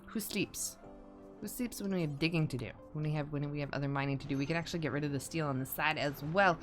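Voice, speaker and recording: A woman's voice: sits low, rapid-fire. A woman streaming a colony game live, chatting casually, thinking aloud and repeating herself, over faint music.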